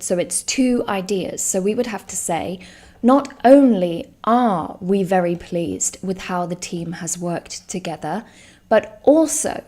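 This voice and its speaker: A woman teaching a live online English lesson, speaking clearly and stressing each example word. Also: medium pitch, mellow. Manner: slow, clear and emphatic, stresses example words.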